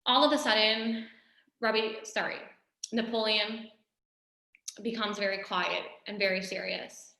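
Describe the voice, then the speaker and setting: A woman's voice: medium pitch, steady tone, measured pace, vocal fry, long pauses, sharp tone. A woman teaching a religious lesson in a conversational, storytelling way, often saying "you know". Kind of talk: recorded Torah lesson. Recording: echoey room.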